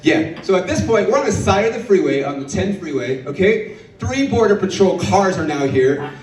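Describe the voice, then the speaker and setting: A man's voice: high-pitched, lively intonation, moderate pace, darkish tone, far from the mic. A young man doing a stand-up set, telling a brash, profane story and acting out the people in it. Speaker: stand-up comedian. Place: comedy club stage. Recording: roomy club sound, audience laughter. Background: audience laughing.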